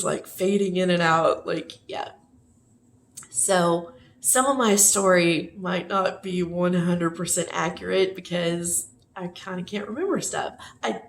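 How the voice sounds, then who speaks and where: A woman's voice: mid-range voice, vocal fry. A woman casually telling a personal story to the camera, rambling with many fillers and self-corrections. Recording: echoey room with faint noise.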